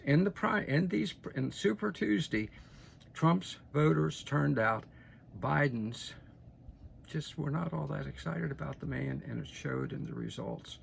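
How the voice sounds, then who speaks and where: An older political commentator gives opinionated news commentary in a mid-range, gravelly, expressive voice at normal speed. He's folksy and emphatic, restarting sentences often and checking in with "okay?" asides, with slight background noise.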